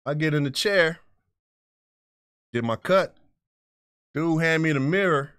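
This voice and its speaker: A man's voice: fairly high pitch, a little slow, clean tone, no room sound, clean studio sound. A middle-aged man telling a long story on a podcast in casual, profane chat, acting out the voices of the people in it. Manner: animated, profane, acts out voices in his stories. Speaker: podcast co-host.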